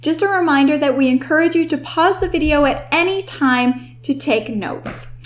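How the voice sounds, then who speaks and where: A young female writing tutor hosts a scripted lesson on vocabulary, her voice fairly high. Clear and instructive, she explains each word in turn and slows down whenever she wants to emphasize a key term.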